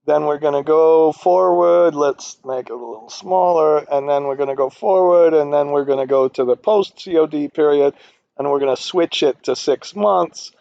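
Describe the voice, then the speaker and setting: A man walks through a finance spreadsheet in a rambling, opinionated way, full of fillers and restarts. His voice sits a little high and has a gravelly fry to it. The recording is dry and a bit dull, like a computer mic. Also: normal speed, dark tone, no room sound. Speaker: finance instructor. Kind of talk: screen-recorded spreadsheet tutorial. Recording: dull, dry low-fidelity audio.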